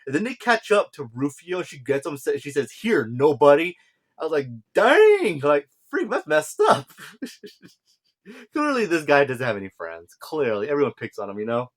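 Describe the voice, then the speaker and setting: A man talking through a show episode in a loose, rambling way, stopping often to correct himself and filling gaps with ums and uhs. He drops into quick bits of the characters' lines as he goes. His voice sits at an ordinary middle pitch for a man. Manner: rambling, full of fillers and self-corrections, acts out lines in quick asides. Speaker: show reviewer. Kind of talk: casual spoken recap and review.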